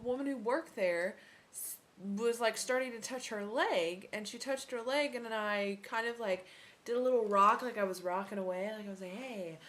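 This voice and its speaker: A young woman vlogs from home, ranting casually to her camera about motherhood with sarcasm, swearing, and plenty of ums. Her voice is mid-range and a bit bright.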